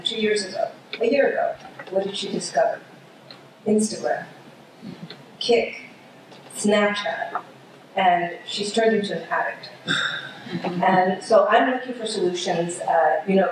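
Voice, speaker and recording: A woman in the audience puts a chatty question to a conference panel. She sounds far from the microphone, and the large hall is very echoey, with a faint hum of room noise. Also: medium pitch. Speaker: audience member asking a question. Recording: echoey hall, distant mic.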